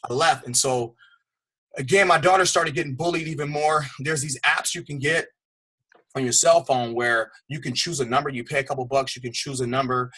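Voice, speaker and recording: A man's voice: mid-range voice, a little fast, sharp tone, breathy edge. A middle-aged man, a fitness trainer, telling a personal story in a candid, conversational way on a call. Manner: candid, conversational, repeats words and uses "man".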